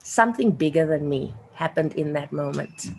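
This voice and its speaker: A woman's voice: deep voice, lively intonation, moderate pace, very noisy. A woman in her late thirties or older with a South African accent, a guest in an interview telling a personal story earnestly and emotionally, repeating phrases for emphasis. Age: late 30s or older.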